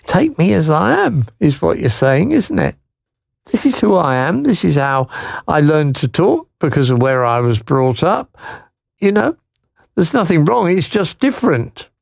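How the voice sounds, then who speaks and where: A male Christian radio host speaks slowly and gently, his voice gravelly. His pitch swings widely as he encourages a listener with tag questions. The recording is dry and close. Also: very animated, no echo. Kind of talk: pastoral talk, reading a listener's letter and praying.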